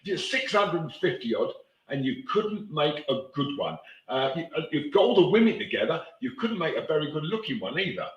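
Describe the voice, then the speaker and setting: A man's voice: a little high, very animated, brisk, lo-fi sound. A man telling stories in casual chat, ranting with coarse language. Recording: echoey room.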